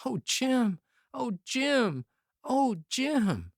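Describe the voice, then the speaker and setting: A man's voice: very high voice, very animated, extremely slow, creaky, no room sound, studio quality, pitched above the performer's own voice, heavily acted. A man voicing a panicked young Union private who cries out and stammers in horror. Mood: horrified.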